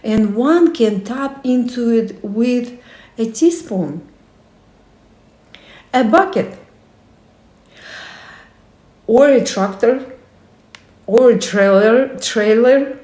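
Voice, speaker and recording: A woman's voice: on the high side, slow pace, long pauses, mellow. A woman hosting a casual talk, reading from a book and asking the listener reflective questions, with non-native English phrasing and frequent self-corrections. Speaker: host. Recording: roomy echo.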